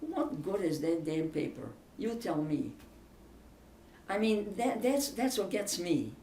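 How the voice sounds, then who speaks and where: An older woman with a lowish, warm voice talks slowly, her pitch swinging widely as she tells family stories in a casual interview. She's chatty and emphatic, laughing her way through the tales. The recording sounds roomy, with a distant mic and a faint hiss underneath.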